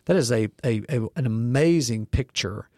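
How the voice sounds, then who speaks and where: Male podcast co-host, mid-pitched, talks in stories with restarts, dry studio sound. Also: normal speed, a little mellow, no room sound. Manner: storytelling, frequent restarts. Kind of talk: podcast discussion.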